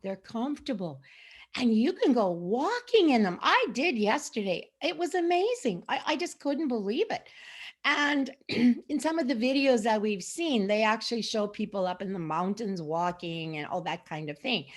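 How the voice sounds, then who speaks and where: Middle-aged lady rambling about stuff she sells, chatty, keeps restarting, ordinary mid pitch. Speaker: sock sales associate. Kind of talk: casual product talk to camera.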